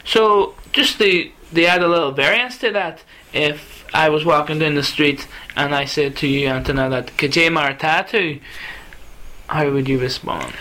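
Host for a casual language lesson: a man with a bright, slightly high voice who guides with questions. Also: normal speed, rough recording. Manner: asks guiding questions, repeats phrases back. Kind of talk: casual teaching dialogue.

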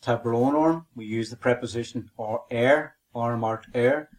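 Man teaching phrases slowly. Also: medium pitch. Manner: patient, repeats phrases slowly for learners. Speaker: Irish language teacher. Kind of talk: podcast language lesson.

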